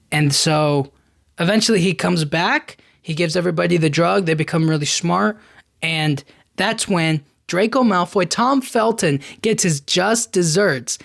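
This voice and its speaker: A man's voice: a little high, creaky, dry recording, studio quality. A man hosting a podcast, casually retelling a movie plot in a rambling way full of fillers. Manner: rambling, filler-heavy retelling with frequent "you know what I mean". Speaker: podcast host. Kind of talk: casual film recap.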